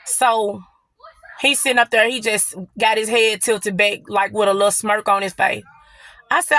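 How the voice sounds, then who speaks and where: A woman's voice: mid-range voice, normal speed, dry recording. A young woman casually telling a personal story, blunt and profane, acting out both sides of an argument. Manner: blunt, profane, animated retelling.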